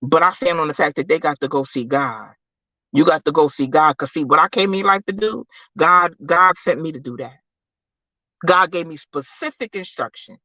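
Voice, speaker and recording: Forceful preachy livestream host, dry sound. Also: dry recording, dull audio. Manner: preachy, emphatic, repeats phrases, calls listeners baby; swings from low, slow murmurs to high, loud outbursts. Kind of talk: live faith-based motivational talk.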